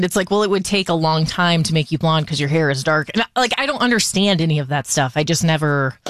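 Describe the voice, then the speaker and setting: A woman's voice: low-pitched, animated, quick pace, few pauses, slight background noise. A woman co-hosting a casual podcast chat, rambling along with lots of fillers and easy laughter. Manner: chatty, rambling with many "like" fillers, laughs easily.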